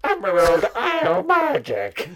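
A woman's voice: medium pitch, wildly swooping pitch, measured pace, a bit bright. A woman joining a casual comedy chat, giggling and singing silly riffs.

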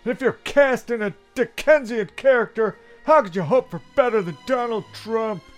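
A man's voice: extremely high pitch, normal speed, soft background music. A man playing an exasperated, cursing cohost who wants the play to hurry up. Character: grumpy impatient male show cohost. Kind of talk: comedy radio-play acting.

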